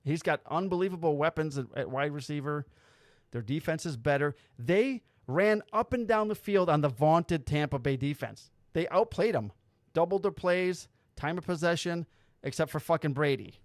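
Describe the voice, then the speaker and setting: Male podcast host, animated storyteller who swears a lot, dry close sound. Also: a little high, moderate pace, dry recording. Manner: animated storyteller, acts out quotes, swears freely. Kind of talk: casual chat.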